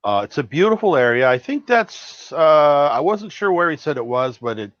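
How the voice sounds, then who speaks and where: A man's voice: on the high side, very animated, moderate pace, a bit bright, dry recording. A man co-hosting a podcast, talking in a rambling, hesitant way with many restarts. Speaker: podcast co-host. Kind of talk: casual podcast chat. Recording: dry, dull lo-fi audio.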